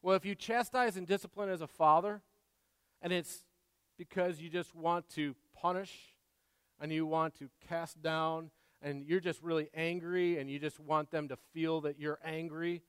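A man, a father, preaching a sermon in an earnest way, repeating words and moving between soft asides and loud emphasis. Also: a little high, fairly even intonation, normal speed, clean tone, no echo, long reverb tail. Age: adult father. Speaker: pastor.

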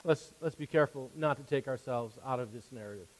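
A man preaching a sermon as a pastor, earnest, repeating words as his volume swings from soft to loud. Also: mid-range voice, fast talker, long reverb tail, poor audio.

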